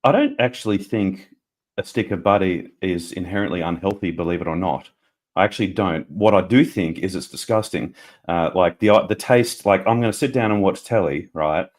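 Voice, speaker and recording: A man's voice: low voice, brisk. A middle-aged Australian man calling in to a live fan show, chatty and joking with a laugh. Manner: chatty, laughs often, jokey. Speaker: caller. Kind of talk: casual call-in chat.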